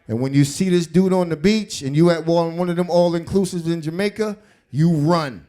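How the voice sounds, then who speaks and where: A male stand-up comedian tells streetwise stories from a club stage. His voice is high for a man. His delivery is animated. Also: moderate pace. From South Bronx, New York.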